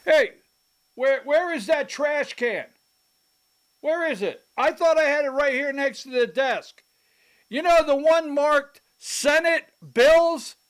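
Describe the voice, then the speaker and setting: A man putting on a shrill, raised voice for a fussy politician who fumbles around his desk and brushes off the other chamber's work. The pitch jumps far above his normal speaking voice and has a mocking, pretend-confused edge. The voice also sounds a little farther from the mic. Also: takes it slowly, a bit bright, heavily acted. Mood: mock confusion. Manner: feigned bumbling, scornful of the other chamber. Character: mocking impression of a dismissive male state politician.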